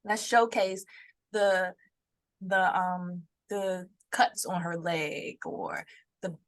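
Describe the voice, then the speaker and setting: A woman's voice: lowish voice, very slow. A young adult woman co-hosting a podcast in casual chat, telling stories and acting out what people said. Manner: animated storytelling, acts out quotes. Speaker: podcast co-host.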